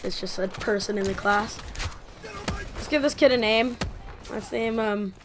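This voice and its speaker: A woman vlogger telling a casual story, rambling and animated with many fillers. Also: medium pitch, unhurried, over music.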